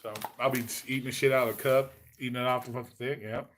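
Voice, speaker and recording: A man in his late forties with a mid-range voice hosts a loose livestream chat. He swears freely and rambles through food stories. He gets more animated when he mimics his past self. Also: mid-range voice, quick pace, slight background noise. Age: 40s. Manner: profane, rambling storyteller. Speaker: host.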